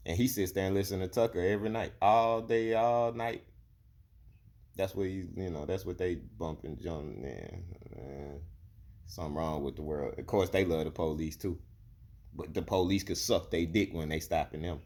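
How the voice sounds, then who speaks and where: A man's voice: low voice, normal speed, darkish tone. A young man from Alabama, delivering a blunt, profane, heated rant to camera. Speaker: vlogger. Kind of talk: ranting monologue.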